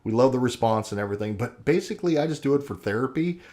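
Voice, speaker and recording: A man's voice: medium pitch, lively intonation, fast, a little mellow, roomy sound. A man co-hosting a casual podcast chat, gushy and emotional, who swears freely. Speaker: podcast co-host.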